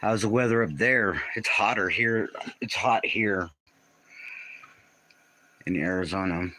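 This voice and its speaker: Casual male livestream host at home, lowish voice with a sharp edge, chats with and reacts to viewers. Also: measured pace, dry recording, low-quality recording. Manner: reads out and answers viewer comments, often confused.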